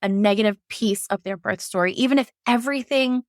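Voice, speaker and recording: A labor and delivery nurse shares her own story frankly and emotionally, restarting often and putting on animated voices when quoting herself. Her mid-range voice moves fairly quickly, recorded at studio quality with no echo.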